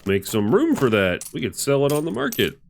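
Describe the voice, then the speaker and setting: Excitable man with wildly lively pitch. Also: fairly quick, creaky, slight background noise. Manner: excitable, swearing, laughing outbursts. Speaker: streamer. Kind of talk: casual gameplay commentary.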